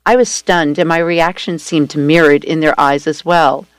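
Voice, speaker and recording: A woman reading a first-person story aloud at a steady, gentle storytelling pace. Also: low-pitched, normal speed, clear, resonant tone, dry recording. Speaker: story reader.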